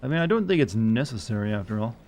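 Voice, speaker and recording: A man's voice: fairly low pitch, big pitch swings, fast, a little mellow. A man streaming a video game live, rambling casually, chuckling, and fumbling as he tries out pronunciations.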